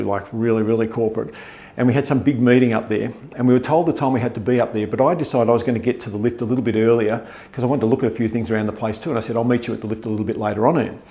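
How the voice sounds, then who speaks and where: An Australian man casually telling a wry, tall-tale story in a relaxed way. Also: mid-range voice.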